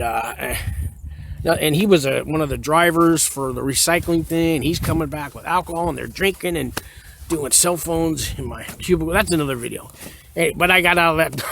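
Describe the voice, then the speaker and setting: A man's voice: fairly high pitch, creaky, fairly bright tone, a little hiss or hum. A man rambling through a personal story in a casual, profane way, often breaking off mid-sentence. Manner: rambling, profane, self-interrupting. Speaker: vlogger recounting prison experiences.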